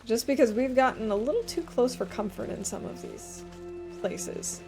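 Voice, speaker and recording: A woman's voice: a little high, lively intonation, normal speed, darkish tone, faint music behind. Chatty woman streamer thinking aloud. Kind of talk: casual gameplay commentary.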